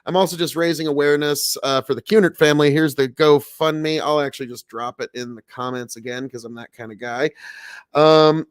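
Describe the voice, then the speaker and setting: A man's voice: fairly high pitch, steady tone, a little fast, clear, resonant tone. A man from Nebraska with a rural American accent, hosting a casual live stream and talking bluntly with a lot of swearing. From Nebraska, USA. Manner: blunt, swears often, bursts into loud outrage. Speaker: livestream host.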